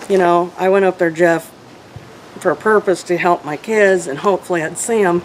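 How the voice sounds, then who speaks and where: A middle-aged woman, an interview guest, earnestly and emotionally telling a personal story, with halting restarts. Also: fairly low pitch, fairly even intonation. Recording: noisy background hum.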